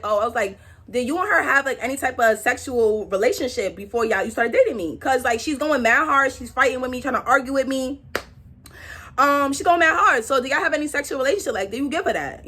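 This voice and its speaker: Animated young New woman. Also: normal speed. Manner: animated, slangy, dramatic pitch swings. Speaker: vlogger. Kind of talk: casual storytime.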